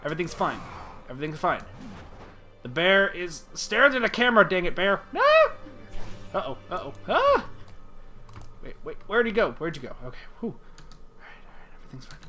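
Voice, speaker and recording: A man's voice: sits high, very animated, fast talker, sharp tone, soft background music. A man streaming a video game, talking to himself in playful, rambling chat. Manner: playful, rambling self-talk.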